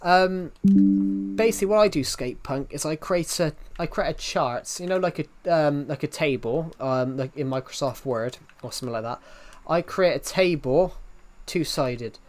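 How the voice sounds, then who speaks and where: A young man with a thick accent talks casually to his viewers on a livestream, his voice sitting a little high. He rambles, restarts his sentences again and again, and makes self-deprecating jokes. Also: normal speed, soft background music. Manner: rambling, with many restarts and false starts.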